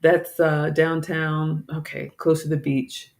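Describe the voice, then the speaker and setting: Gravelly-voiced chatty Southern woman. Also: sits low, little pitch movement, slow. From American South. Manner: chatty, apologetic, scattered, laughs often. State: tired. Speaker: vlogger, home cook. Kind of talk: casual live-stream chat.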